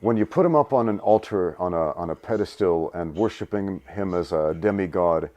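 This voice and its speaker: A man's voice: low voice, moderate pace, darkish tone. A man with a hybrid British and American accent, talking earnestly as a podcast guest. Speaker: guest, martial artist. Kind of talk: podcast discussion.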